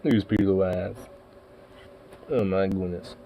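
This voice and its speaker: A man's voice: low voice, fairly even intonation, normal speed, mellow. A young man in casual chat, rambling and swearing with lots of fillers, at times cooing to his puppy. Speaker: vlogger.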